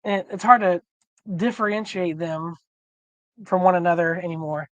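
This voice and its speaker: A man co-hosting a casual livestream chat, rambling with many fillers and restarts while slowly losing his voice. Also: sits high, a bit bright, no echo. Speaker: livestream co-host.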